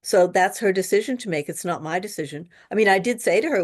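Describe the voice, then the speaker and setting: A woman tutoring for a real estate exam in a webinar, talking casually and telling lively stories with quoted dialogue. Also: mid-range voice, quick pace. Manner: chatty, animated storytelling with quoted dialogue. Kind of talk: webinar lesson with anecdotes.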